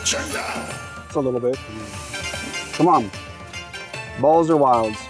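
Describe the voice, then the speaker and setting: A man's voice: medium pitch, takes it slowly, music in the background. A man hosting a slots channel, telling a long story casually while he plays. He rambles, cuts himself off and urges the machine on between sentences. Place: casino floor.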